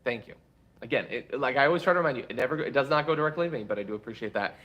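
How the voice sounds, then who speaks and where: A man's voice: medium pitch, very fast, dull audio. A man hosting a political commentary show, reading viewer chats with wry asides, and saying he is tired.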